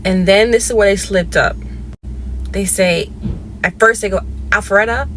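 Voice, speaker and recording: Woman from Georgia, casual storyteller, animated, re-enacts dialogue. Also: moderate pace, a little hiss or hum. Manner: animated, re-enacts phone dialogue with big pitch jumps. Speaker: storyteller in a viral clip.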